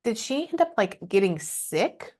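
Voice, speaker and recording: A woman spiritual medium giving a casual reading, chatty and halting, trailing off and swearing now and then. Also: on the high side, very animated, darkish tone.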